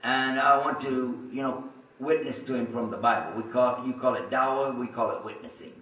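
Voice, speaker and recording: A man's voice: medium pitch, fairly even intonation, moderate pace, fairly bright tone. A man telling a personal story to an audience, chatty and full of asides. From Texas. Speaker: religious speaker telling his story. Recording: roomy sound from a distant mic.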